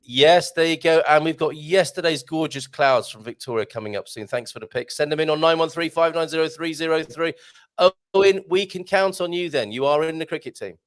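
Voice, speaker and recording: A man's voice: a little high, brisk. A man hosting a live morning show, chatting in a jokey way and laughing often. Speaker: host. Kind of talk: casual live show chat.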